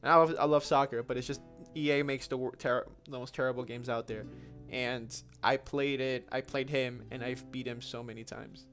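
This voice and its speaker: A man's voice: mid-range voice, steady tone, moderate pace, fairly bright tone, faint music behind. A young man hosting a gaming livestream, casually answering viewer questions in a chatty, slangy way with frequent restarts.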